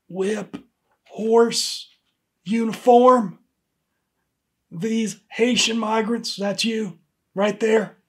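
In a comedy sketch, a man plays an exasperated, weary HR supervisor scolding an employee. He speaks in a dry, pointed way, repeatedly saying the employee's name, and his voice sits high.

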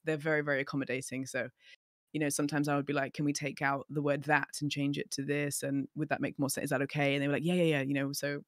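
A woman voice actor, a podcast guest, telling work stories in casual chat with animated, laughing energy. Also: low voice, fast, no echo, clean studio sound.

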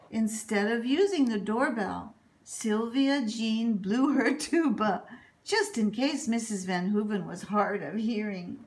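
A woman reading a children's picture book aloud in an expressive, animated storytelling manner. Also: mid-range voice, takes it slowly, gravelly. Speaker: reader.

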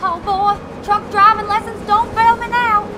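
A woman's voice: extremely high pitch, flat delivery, unhurried, music in the background. A woman voicing a flustered, panicky young woman in a fan parody cartoon dub. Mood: panicked. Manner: flustered, breathless, squealing. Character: panicky young human woman driving a truck.

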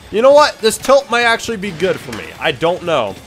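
A young man hosting a gaming video, commenting as he plays and often sliding from muttered complaints into yelled outbursts of frustration. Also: high-pitched, big pitch swings, a little fast, few pauses. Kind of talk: let's play commentary.

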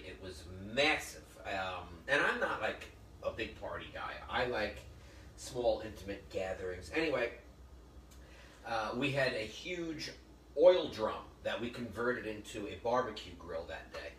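A man's voice: lowish voice, lively intonation, a little slow, fairly bright tone, slight background noise. A middle-aged man hosting a casual cooking demonstration in a kitchen, chatting and joking with viewers and telling stories as he works. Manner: chatty storyteller, jokey asides to viewers. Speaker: cooking show host. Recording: echoey room from a distance, faint ambience.

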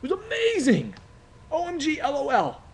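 A man playing a teenage boy who tells a friend about a crash in wild, shrieking excitement. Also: very high voice, normal speed, very noisy, voice pushed up, exaggerated voice. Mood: ecstatic. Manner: shrieking, breathless, over-the-top excitement. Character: teen boy gushing to a friend, wildly excited.

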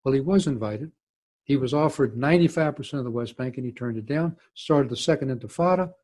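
A man's voice: mid-range voice, a little fast, a little mellow. An older man with a Southern US accent, a former diplomat telling emphatic, digressive anecdotes as a guest speaker. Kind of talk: storytelling talk with audience Q&A.

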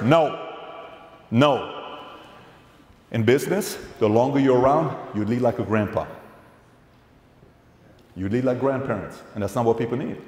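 Emphatic man speaking in an echoey hall. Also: mid-range voice. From Middle East. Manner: animated storytelling, acts out dialogue; blunt and emphatic. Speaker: keynote speaker. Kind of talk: motivational keynote speech. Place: large event hall. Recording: echoey hall with long reverb.

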